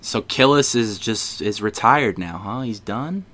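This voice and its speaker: A man hosting a podcast, earnest and halting, with many fillers. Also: on the low side, animated, a crowd in the background. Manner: earnest, hesitant, lots of fillers. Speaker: podcast host. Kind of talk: casual podcast interview.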